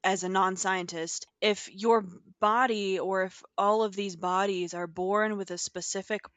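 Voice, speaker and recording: A woman's voice: medium pitch, steady tone, a little slow, fairly bright tone, no room sound. A woman co-hosting a podcast in casual chat, laughing easily and swearing now and then. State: throat a bit dry, slight vocal fry. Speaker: podcast co-host.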